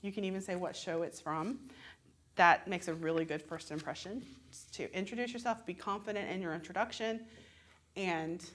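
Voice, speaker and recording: A woman's voice: fairly low pitch, normal speed, a bit bright. A woman with a Southern American accent teaching musical theatre audition tips in a chatty, conversational way, often laughing and acting out examples.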